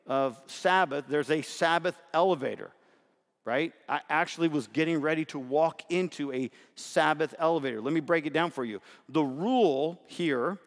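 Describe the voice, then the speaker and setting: A man preaching a sermon, emphatic and often checking in with "right?", stretching out key words for stress. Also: a little high. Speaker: pastor. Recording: long hall reverb.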